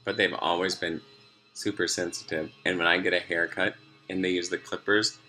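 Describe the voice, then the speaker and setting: A man's voice: low voice, level tone, moderate pace, pushed and bright, soft background music. A man talking to his viewers in a rambling personal video diary from a room at home, drifting off topic with many fillers and laughs. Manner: meandering, sidetracked, many fillers, laughs often. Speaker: vlogger.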